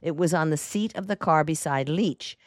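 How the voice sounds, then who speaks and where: A woman voicing a confident male lawyer in an audiobook, speaking briskly and assuredly. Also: low-pitched, no room sound, studio quality, natural voice.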